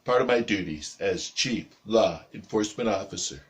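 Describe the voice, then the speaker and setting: A man doing a stand-up comedy bit with a slow, mocking drawl. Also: fairly low pitch.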